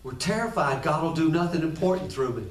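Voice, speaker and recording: A pastor preaches conversationally at a fairly quick pace, repeating phrases and addressing his listeners directly. His voice is a little high, and he sounds distant from the mic in an echoey room.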